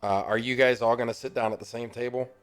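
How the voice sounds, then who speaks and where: A man's voice: medium pitch, fairly even intonation, fast talker, soft background music. A man narrating and voicing characters as game master of an online tabletop game, casual and swearing now and then. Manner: casual, swears, laughs easily. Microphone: computer mic on a voice call.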